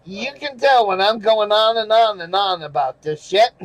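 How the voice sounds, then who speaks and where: An older man rants about a broadcast in an angry, sarcastic way, breaking into bitter little laughs and swearing freely. His voice sits fairly high and he drags his words out slowly. The sound is dry and close, with no room around it. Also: no echo, rough recording. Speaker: channel host reading viewer comments. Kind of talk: casual rant over screenshots.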